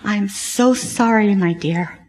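A woman voicing a kind, patient mother who speaks gently and sympathetically. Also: medium pitch, slow, close to an everyday voice. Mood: sympathetic.

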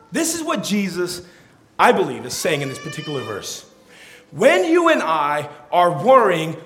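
A young man preaching a sermon to a live audience, animated and playful, acting out little scenes. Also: sits high, reverberant. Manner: animated, playful, acts out quotes with voices. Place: hall or church with an audience.

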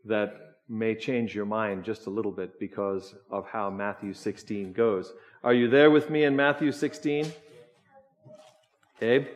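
A man preaching a sermon, slow and emphatic, asking the congregation questions as he goes. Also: on the low side. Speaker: pastor.

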